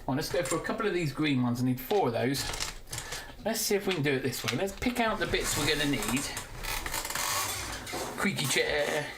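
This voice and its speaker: A man's voice: a little high, very animated, quick pace, background noise. A British man from the UK hosting a casual live stream, chatting and giggling to viewers while he builds. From United Kingdom. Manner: chatty, giggly, talks to chat while working.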